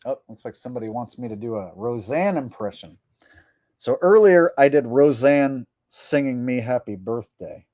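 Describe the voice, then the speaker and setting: A comedian chatting loosely on his livestream, joking and rambling as he answers viewers. His voice is mellow and relaxed, at an ordinary male pitch. The sound is dry and close, with no room behind it. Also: normal speed, dry recording. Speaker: comedian and streamer. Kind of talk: casual livestream chat reading viewer messages.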